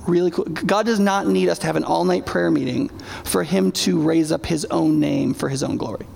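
High, gravelly-voiced male preacher. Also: normal speed. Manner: animated, emphatic preaching with acted-out asides. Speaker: pastor. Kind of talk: sermon. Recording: reverberant hall.

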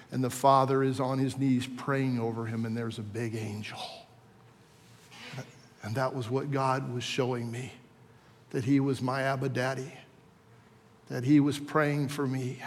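Pastor in a reverberant hall. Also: male voice, medium pitch. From Virginia, USA. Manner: personal testimony, swinging from hushed to impassioned. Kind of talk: sermon.

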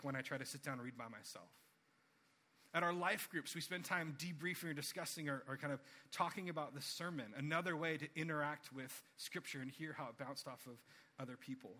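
A man in his thirties gives a sermon in a bright, forceful voice, pitched a little high for a man. He talks in an earnest, conversational way and acts out quoted voices with lively jumps in pitch. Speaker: pastor.

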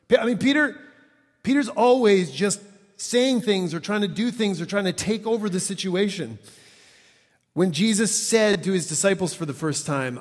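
A male preacher who gives his sermon in a loose, conversational style, his voice pitched a little high for a man. He acts out the quoted lines with animated energy. A long reverb trails behind his words. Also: moderate pace.

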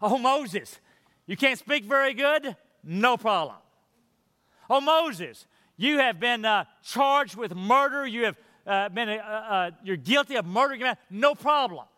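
A man's voice: extremely high pitch, animated, takes it slowly, pushed and bright, in a large hall, pitched above the performer's own voice, heavily acted. A man preaching acts out God reassuring Moses and brushing off each of his fears in a lifted, buoyant voice.

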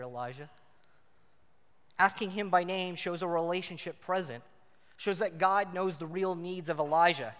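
A married man delivers a sermon with a bright, forceful tone, his voice pitched a little high for a man. He moves from loud, emphatic stretches to quiet, intimate ones. The sound carries the long reverb of a church hall. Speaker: preacher.

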